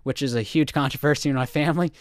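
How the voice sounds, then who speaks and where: A man with a voice on the high side talks at a quick pace, recorded in studio quality with no room sound. Co-hosting a casual sports podcast, he tells animated stories and acts out the quotes.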